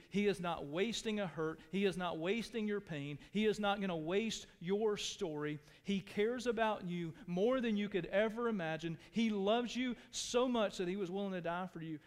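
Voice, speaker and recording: Man preaching in a church, high voice, earnest, goes quiet then pleads, long echo. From Texas. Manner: earnest, shifts between hushed tones and raised pleading. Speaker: pastor. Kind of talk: sermon. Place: church sanctuary. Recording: long hall reverb.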